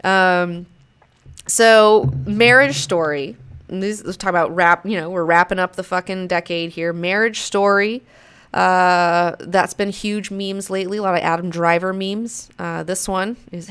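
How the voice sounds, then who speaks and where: A woman in her thirties hosting a show, chatting casually in a rambling, profane way, now and then slipping into mocking high-pitched quotes. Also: a little slow, a bit bright, smooth. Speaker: show host. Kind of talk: casual chat.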